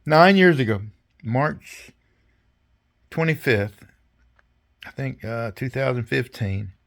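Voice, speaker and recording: A man's voice: medium pitch, lively intonation, slow pace, creaky. An older man recounting his service in a rambling, folksy way, speaking casually over a video call. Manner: rambling, folksy, salty, chuckling. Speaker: veteran interviewee. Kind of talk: casual storytelling interview.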